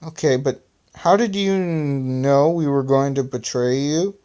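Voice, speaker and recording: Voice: mid-range voice, unhurried, mellow, clear, resonant tone, natural voice. A home reader voicing Spiderly, a heroine with time-stopping powers who speaks in a raised, questioning way.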